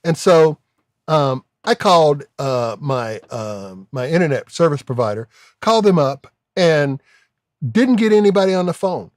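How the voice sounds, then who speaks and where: A man hosting a live comedy stream, telling stories in animated, casual banter with quick laughs. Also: fairly high pitch, no room sound, studio quality.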